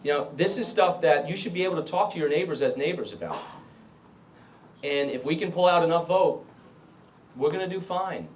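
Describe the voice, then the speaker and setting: Ny guy on the stump, middle-aged, punchy repeats, pitch a bit up, faint hum behind. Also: brisk. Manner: emphatic, repetitive stump-speech delivery. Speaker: political candidate. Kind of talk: rally speech and Q&A. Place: club meeting room.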